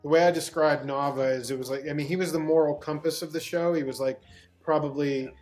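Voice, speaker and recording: A man's voice: on the high side, steady tone, brisk, a little mellow, soft background music. A man from Pittsburgh, a guest actor, tells a long anecdote in an interview, rambling with restarts and bursts of laughter. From Pittsburgh, USA.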